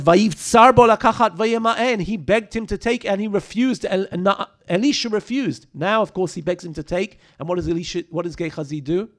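A man with a fairly high voice leads a text study class. He reads lines of scripture aloud, then unpacks them with quick rhetorical questions. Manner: animated, reads Hebrew verses and explains them, asks rhetorical questions. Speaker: Bible teacher.

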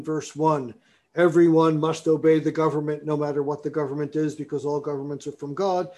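A man lecturing in a classroom, his voice sitting a little higher than most men's. He talks in a discursive way, circling back on his points, and now and then he reads passages aloud with stress on the key words. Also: a little mellow. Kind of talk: university lecture.

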